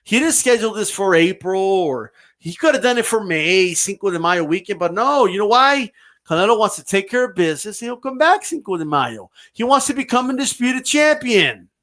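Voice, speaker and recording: Brash high-voiced man ranting. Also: animated, normal speed, a bit bright. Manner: brash, mocking and profane. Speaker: boxing commentator. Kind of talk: ranting commentary vlog.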